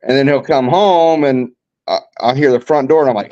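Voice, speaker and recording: A man's voice: mid-range voice, normal speed, mellow. A man chatting casually on a podcast, joking and chiming in with quips. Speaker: podcast co-host. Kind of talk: casual chat. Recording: dull lo-fi sound.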